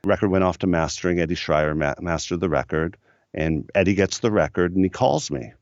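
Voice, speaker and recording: On a casual storytelling podcast, a middle-aged US producer wanders through studio-era memories with lots of fillers. The deep, low voice moves fairly quickly and has a creaky edge, captured in a dry, somewhat dull recording with no room sound.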